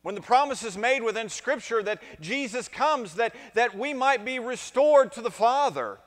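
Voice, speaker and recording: A man preaching a sermon as pastor, deliberate at first and building to emphatic points, asking the congregation to repeat after him and answer his questions. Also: extremely high pitch, lively intonation, fairly bright tone. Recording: long reverb of a large hall.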